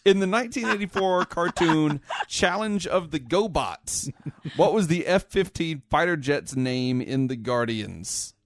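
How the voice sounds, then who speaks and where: A man co-hosting a podcast, joking and asking trivia in casual chat. His mid-pitched voice has a gravelly edge and moves a lot. The recording is dry and close. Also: lively intonation, measured pace, no room sound. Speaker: podcast co-host.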